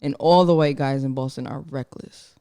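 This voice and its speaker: A woman's voice: very deep voice, fairly even intonation, dark tone, clear, resonant tone, no echo. Young female podcast guest, blunt and easily amused, recorded dry and close. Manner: blunt, quick to laugh. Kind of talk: casual podcast chat.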